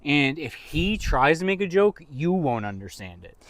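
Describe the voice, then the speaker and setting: A man's voice: a little high, sing-song, moderate pace, a bit bright, no room sound. Joking, rambling male podcast host. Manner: rambling, jokey, teasing. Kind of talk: casual chat.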